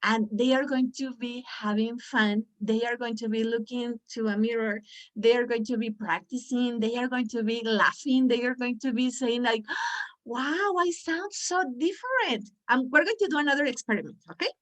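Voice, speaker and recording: Lively woman coaching pronunciation, slightly high voice. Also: fairly quick. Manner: animated, coaxing, repeats words for the group. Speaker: pronunciation trainer for teachers. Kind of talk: lively online teaching workshop.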